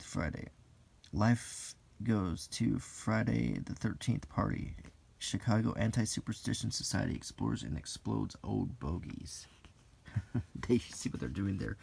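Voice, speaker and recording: A man from the United States softly reading aloud from an old magazine and musing in asides, in a soft-spoken unintentional ASMR style. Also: fairly low pitch, vocal fry, breathy edge. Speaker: host flipping through an old magazine.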